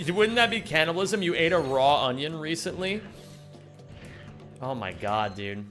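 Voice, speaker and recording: A man's voice: a little high, lively intonation, a little slow, fairly bright tone, soft background music. A young man live-streaming a game, joking around casually and greeting viewers by name. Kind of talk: casual live-stream chat while gaming.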